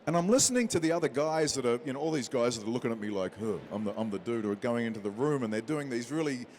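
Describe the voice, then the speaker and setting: A man in an interview, telling a story with plenty of life and slipping into the voices of the people in it. His voice sits in an ordinary middle pitch for a man. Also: racing, a little hiss or hum. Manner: lively storyteller who acts out quotes. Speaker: interview guest, actor. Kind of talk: animated anecdote telling.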